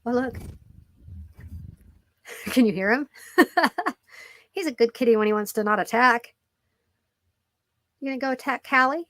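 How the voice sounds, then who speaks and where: A woman's voice: a little high, moderate pace, pauses often, fairly bright tone, no echo. A woman vlogging casually from home at her computer, rambling with lots of fillers and cooing at her cat. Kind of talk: casual chat to camera. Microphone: computer microphone.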